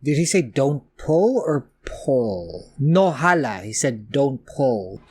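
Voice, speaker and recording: Animated man reacting to a horror film. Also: medium pitch, husky, soft background music. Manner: expressive, swearing, quick to laugh. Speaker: movie reactor. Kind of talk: casual movie reaction commentary. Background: film audio playing faintly.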